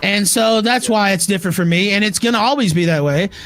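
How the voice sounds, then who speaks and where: A man hosting a livestream show, ranting angrily with heavy profanity and shouting at times. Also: high-pitched, a little fast. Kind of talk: heated livestream rant.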